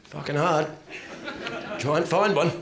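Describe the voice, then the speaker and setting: A man doing a profane stand-up routine, swinging from low muttering to loud ranting outbursts. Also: fairly even intonation, measured pace, creaky. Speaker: stand-up comedian. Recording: live club recording with audience laughter. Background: crowd laughter.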